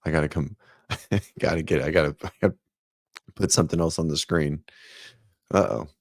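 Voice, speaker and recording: Deep gravelly man chatting on a livestream. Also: fairly even intonation, moderate pace, no room sound, studio quality. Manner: rambling, chatty, reads and greets viewers. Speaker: fitness livestream host. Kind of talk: casual morning livestream chat. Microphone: desk microphone.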